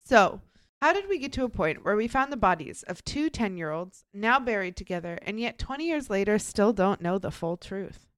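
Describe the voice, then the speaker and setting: A woman's voice: mid-range voice, lively intonation, normal speed, smooth, no echo. A woman co-hosting a true crime podcast, talking in a casual, upbeat, chatty way with lots of fillers. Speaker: podcast co-host presenting the case.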